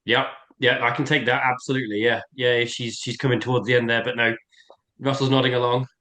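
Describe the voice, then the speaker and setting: A man co-hosting a casual podcast, animated and quick to laugh in the banter. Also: medium pitch. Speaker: podcast co-host.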